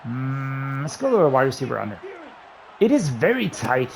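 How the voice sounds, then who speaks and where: A man giving running commentary while playing a football video game, excitedly talking through his play calls to himself. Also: medium pitch, normal speed, creaky, some chatter behind, slight background noise. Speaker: gaming YouTuber. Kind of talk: live gameplay commentary.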